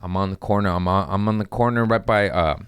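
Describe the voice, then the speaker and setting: A young man telling a wild story in casual podcast chat, swearing freely and jumping into high voices when he quotes people. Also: fast, smooth, dry recording, studio quality. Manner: animated, acts out quotes with sudden pitch jumps, swears freely.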